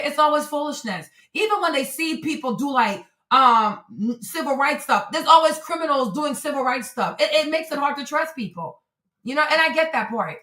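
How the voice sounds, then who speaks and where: A woman's voice: high voice, pushed and bright. A woman hosting a casual livestream, talking indignantly and reading her own messages aloud with heavy emphasis. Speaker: livestream host. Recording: roomy echo.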